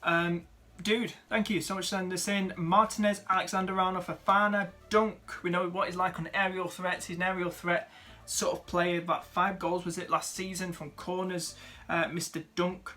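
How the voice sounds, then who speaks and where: A man's voice: high-pitched, level tone, moderate pace, hardly any pauses, bright, forceful tone. A young man, chatting casually as he rates viewers' fantasy football teams, with lots of fillers and friendly asides. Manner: chatty, upbeat, many fillers, calls viewers mate and dude.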